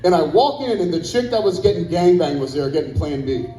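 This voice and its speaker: A man's voice: on the high side, animated, a little fast, warm tone, a little hiss or hum. A young man doing a crude stand-up set at a club on a handheld mic, rambling and profane, with asides to the crowd. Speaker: stand-up comedian. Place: comedy club stage. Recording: roomy club echo.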